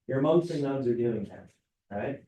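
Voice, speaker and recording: A man's voice: medium pitch, expressive, normal speed, mellow, a little hiss or hum. Casual man lecturing a classroom. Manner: casual, keeps asking "right?". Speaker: teacher. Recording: roomy classroom, mic far off.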